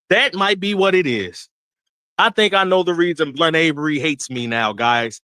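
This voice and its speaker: Man, young adult, livestream rant, bright, dry close mic. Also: on the high side, normal speed, no echo. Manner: animated, laughing, swearing, repeats himself. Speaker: livestream host.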